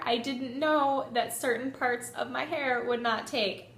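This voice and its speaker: Young woman vlogger, fairly high voice, animated sweary storytelling, roomy echo. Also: slow pace. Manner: animated, swears freely, lots of "like". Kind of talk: casual storytelling.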